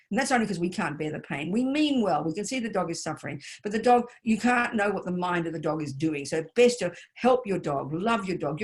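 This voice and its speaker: Emphatic woman Buddhist teacher. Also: mid-range voice. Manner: emphatic and direct, addressing listeners personally. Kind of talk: online teaching talk.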